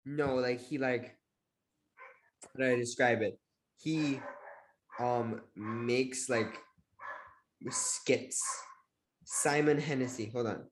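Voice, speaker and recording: A person chatting casually with a friend, excitable and given to dramatic exclamations. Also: medium pitch, slow, long pauses. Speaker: friend in a chat. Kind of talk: casual chat.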